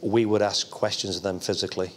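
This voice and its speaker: Earnest man with a lowish voice. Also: steady tone, fast, slight background noise. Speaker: former footballer. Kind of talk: retrospective interview.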